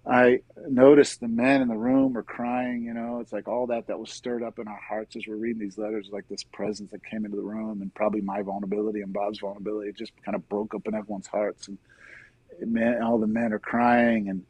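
Gravelly middle-aged man sharing a testimony. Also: on the low side, steady tone, brisk, dry recording, poor audio. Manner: earnest storytelling, often says "man", soft-spoken at emotional points. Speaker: interview guest. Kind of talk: personal faith testimony in conversation.

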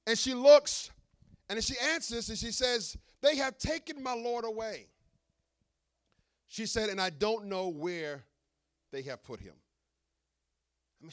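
A middle-aged man, a pastor, preaching an animated sermon with humorous asides to his congregation. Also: very high-pitched.

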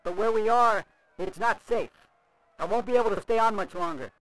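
A man's voice: sits high, brisk, a bit bright, rough recording. A man playing an anxious stranded man pleading over a radio for medical help in an audio drama. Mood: urgent. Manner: urgent, pleading.

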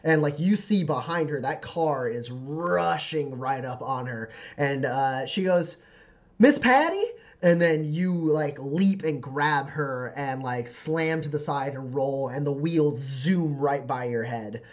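A man at a middling pitch runs a tabletop game as game master. He describes scenes in a loose, halting ramble and leans constantly on fillers.

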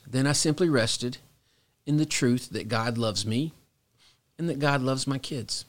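On a devotional podcast, a middle-aged pastor teaches in a mid-range voice. His pace is slow and his tone earnest and reflective, and whenever he pauses his voice sinks to a gentle hush.

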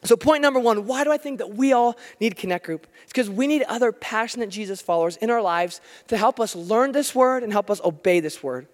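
An American man preaching a sermon, telling stories with animated, self-deprecating humor. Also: sits high, brisk, few pauses. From United States. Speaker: pastor. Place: church hall. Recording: long hall reverb.

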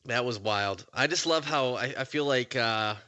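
A man's voice: mid-range voice, normal speed, pushed and bright, no echo. A man hosting a podcast in casual chat, easygoing, laughing often, with plenty of fillers. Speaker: podcast host.

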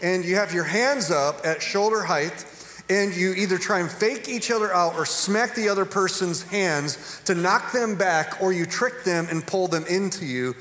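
A man's voice: sits high, normal speed, a bit bright. A middle-aged man preaching a sermon as a pastor, mixing humorous storytelling with earnest preaching. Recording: echoey hall with long reverb.

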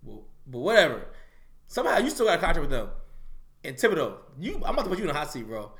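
A man cohosting a casual sports podcast, his voice high and swinging widely in pitch. He roasts athletes crudely and animatedly, laughing between jabs. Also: huge pitch swings, fast, fairly bright tone. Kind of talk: casual chat, sports banter.

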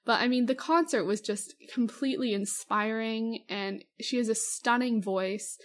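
Young woman podcast cohost, kinda high voice, gushy and excited, lots of likes and ums. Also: moderate pace. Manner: gushing, enthusiastic, lots of fillers. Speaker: podcast co-host. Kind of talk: casual chat.

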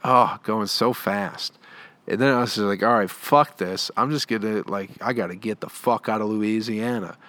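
A man's voice: on the low side, normal speed, a bit bright. A young adult man on a comedy podcast, telling a long story in a rambling, profane, laid-back way. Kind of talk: storytelling monologue.

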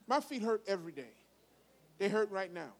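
A man in his fifties preaching a sermon as pastor, swinging between loud, high bursts and quiet conversational asides. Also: very animated, normal speed. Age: 50s.

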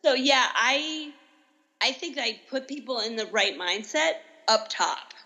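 A woman, an improv teacher, chatting casually as a guest in an interview, rambling with lots of "like" fillers and quick self-corrections. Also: on the high side, animated, pushed and bright, poor audio. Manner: rambling, heavy use of "like" as a filler.

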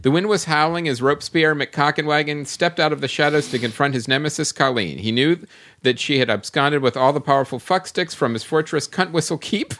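A man's voice: a little high, fairly quick, a bit bright. A man hosting a podcast, reading listener comments aloud in a mock-grand way and often breaking into laughter. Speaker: podcast host.

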